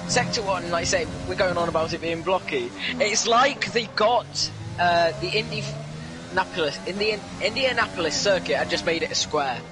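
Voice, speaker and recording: A man analyses a sim race in a slow, measured way. His voice is notably high for a man. A clear music bed runs underneath the commentary. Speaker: co-commentator and driver.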